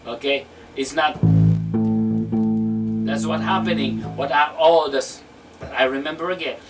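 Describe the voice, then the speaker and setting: A man teaching a casual beginner bass lesson in a small practice room, counting beats and scatting rhythm syllables as he demonstrates. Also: a little slow, long pauses. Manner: repeats words and restarts, talks loosely to the student. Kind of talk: casual hands-on music lesson. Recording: distant mic with loud guitar playing.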